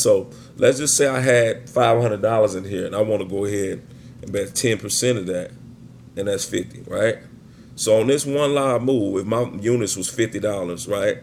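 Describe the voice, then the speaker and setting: Male betting instructor, gravelly and fairly low, chatty walkthrough tone that keeps checking in. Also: darkish tone, a little hiss or hum. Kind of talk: casual screen-share walkthrough.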